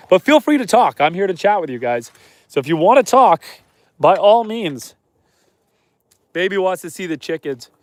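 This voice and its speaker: A man from Canada hosting a homesteading livestream with a head cold, his voice stuffy and slightly hoarse, chatting upbeat with viewers and his animals. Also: high voice, no room sound. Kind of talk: casual livestream chat reading viewer comments. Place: chicken coop on a homestead.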